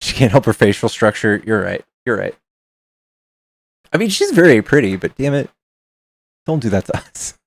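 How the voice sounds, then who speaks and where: A male streamer talks loosely with his chat, reading passages aloud and reacting with frequent swearing. His voice sits at an ordinary middle pitch. The close mic sounds dry, with no room around it. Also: very animated, a little fast, dry recording. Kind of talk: casual livestream chat.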